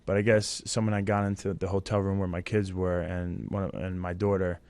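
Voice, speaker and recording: A man's voice: sits low, flat delivery, brisk, a little mellow, clean tone. A man in his thirties, a fighter guest in a casual interview chat, choked up and emotional. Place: studio.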